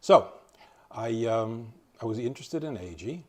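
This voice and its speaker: A man's voice: mid-range voice, expressive, measured pace, darkish tone. Older man giving a rambling library talk. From East Tennessee. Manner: rambling, hesitant, with many fillers and restarts. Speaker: library lecturer. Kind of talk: informal talk to a library audience.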